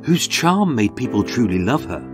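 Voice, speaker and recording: A man's voice: medium pitch, very animated, normal speed, music in the background. A man, a podcast host, narrating a true-crime story in a solemn, dramatic scripted style.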